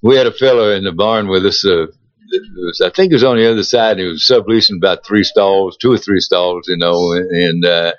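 A man's voice: low-pitched, no echo. An older man, telling stories in a folksy, drawling way as co-host of a casual radio chat. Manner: slow, drawling storyteller with a folksy turn of phrase. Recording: muffled, lo-fi radio recording.

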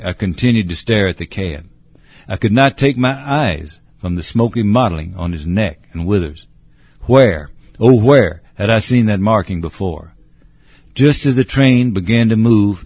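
A man narrating a story in a measured, descriptive way. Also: lowish voice, lively intonation, a little mellow, husky, dry recording. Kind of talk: storybook reading.

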